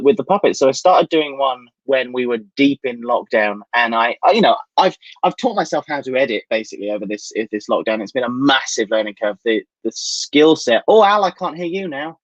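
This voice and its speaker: A young British man, a comedian and ventriloquist, chatting casually on a video call in a lively, self-deprecating way. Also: mid-range voice, brisk, few pauses, no room sound. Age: young adult. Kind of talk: casual interview chat. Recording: dull video call audio.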